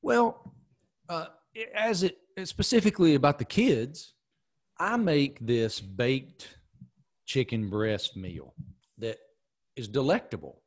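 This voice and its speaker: A man's voice: medium pitch, slow, long pauses. A middle-aged man hosting a podcast, telling stories in a casual, emphatic way. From American South. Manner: animated storyteller, emphatic. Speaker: podcast host. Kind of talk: casual chat.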